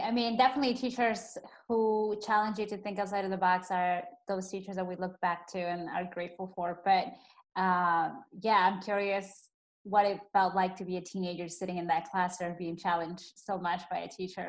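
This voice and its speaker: Relaxed interviewer, a woman from Peru. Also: medium pitch, normal speed. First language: Spanish. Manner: reflective, with frequent "um" and "uh". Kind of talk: conversational interview.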